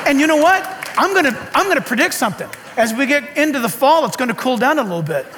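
A man preaching a sermon in an animated, joking way, with sarcastic asides to the congregation. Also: very high voice, fast, a crowd in the background, noisy background. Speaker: pastor.

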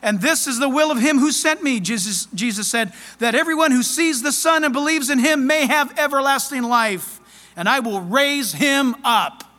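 A man preaching a sermon as pastor, fervent, loud and excited. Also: extremely high pitch, moderate pace, long reverb tail.

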